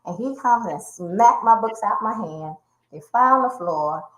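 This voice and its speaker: A woman's voice: on the high side, expressive, a little slow, a bit bright. A woman guest in an interview telling a personal story and acting out the voices she quotes. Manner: vivid retelling that acts out quoted voices. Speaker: interview guest, domestic violence survivor and speaker. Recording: roomy echo.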